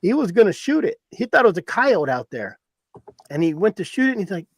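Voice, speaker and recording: A man's voice: high voice, big pitch swings, brisk, dry recording. A man from Arizona telling stories in casual podcast chat, rambling and repeating himself for emphasis.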